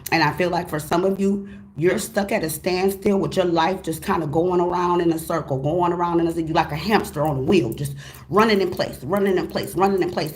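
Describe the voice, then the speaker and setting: A woman giving a casual, motivational tarot reading as host of her channel, talking emphatically with slang, repeated phrases and excited exclamations. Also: fairly low pitch. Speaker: tarot reader.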